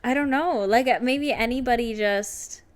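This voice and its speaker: Woman, podcast co-host, casual chat, filler-heavy, clear voice. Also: a little high, normal speed. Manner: chatty, laughs often, many "like" fillers.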